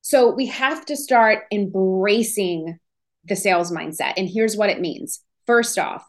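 A woman hosting a podcast, giving an energetic, emphatic motivational talk on business and selling. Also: mid-range voice, measured pace. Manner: energetic, emphatic, acts out inner voices. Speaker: podcast host.

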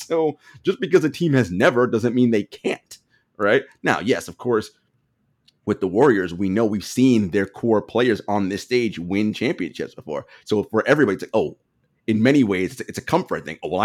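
A man co-hosting a casual sports podcast, telling stories animatedly and laughing often. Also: medium pitch. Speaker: podcast co-host.

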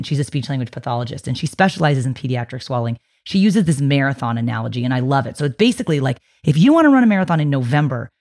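Chatty, husky-voiced woman podcast host. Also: a little mellow. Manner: chatty and reassuring, slips into a high sing-song baby voice for quotes. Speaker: podcast host, feeding specialist. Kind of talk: casual explanatory podcast talk.

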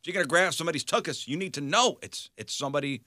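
A middle-aged man co-hosting a radio show, telling stories in casual, animated banter. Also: on the high side, very fast, no echo, clean studio sound. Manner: animated storyteller, yells for effect.

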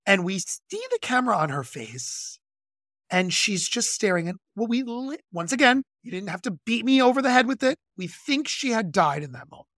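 A podcast co-host who works in music education, talking about a film in a gushing, animated way with quick asides. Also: mid-range voice, no room sound, studio quality. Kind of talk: casual film discussion.

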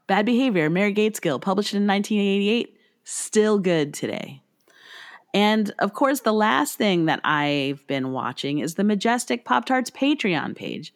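A woman co-hosting a podcast in a relaxed, chatty way, her pitch sitting a bit low. She moves her voice around a lot, rising and falling as she reads out the closing plugs. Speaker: podcast co-host. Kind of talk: casual podcast chat and outro.

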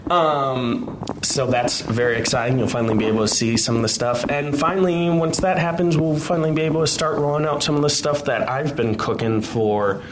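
A man's voice: medium pitch, fairly quick, noisy background. A man co-hosting a podcast, chatting loosely with self-deprecating, rambling asides. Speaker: podcast co-host, website editor. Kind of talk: casual news chat.

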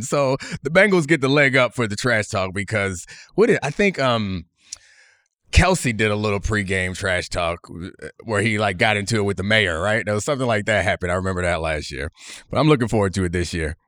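A man with a fairly low voice hosts a sports podcast and talks in a relaxed, easygoing way. His voice is recorded dry and close. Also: moderate pace, dry recording. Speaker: podcast host. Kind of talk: casual podcast chat.

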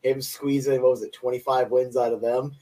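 A man's voice: medium pitch, flat delivery, mellow. A young man co-hosting a sports podcast, running through stats in an enthusiastic, opinionated way. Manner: enthusiastic, opinionated, quick stat rundowns. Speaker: podcast co-host. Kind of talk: casual sports podcast chat. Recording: voice a bit distant from mic.

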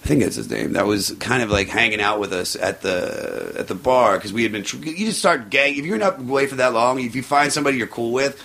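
A man guesting on a podcast tells a long story from his youth in loose, casual speech. He rambles, restarts his sentences and slips into other people's voices for the quotes. His voice sits at an ordinary middle pitch. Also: lively intonation, brisk, gravelly, hardly any pauses, a bit bright. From United States.

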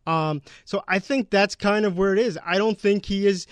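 A man explaining basketball rankings on a sports talk show, in a measured way with frequent fillers. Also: high-pitched, clear, resonant tone, dry recording.

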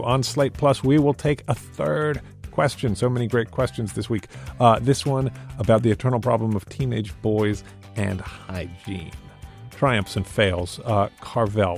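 A man hosting a podcast, introducing the episode in a brisk manner and steering the talk. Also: lowish voice, creaky. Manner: brisk, reads the show rundown. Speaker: podcast host.

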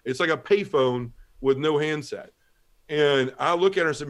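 A man giving a halting, emotional personal testimony as a guest on a talk show, often repeating words as he speaks. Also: mid-range voice. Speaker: guest telling his conversion story.

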